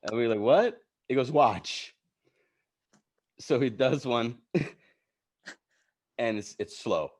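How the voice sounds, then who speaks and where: A man's voice: medium pitch, drawn-out words, long pauses, slight background noise. A man casually telling profane anecdotes, acting out the people he quotes. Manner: animated, profane, with quoted voices. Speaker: panel guest telling stories.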